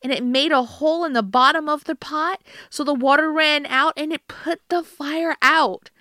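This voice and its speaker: A woman reading a fairy tale aloud in an unhurried, gentle storybook manner. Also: sits high, no room sound, clean studio sound.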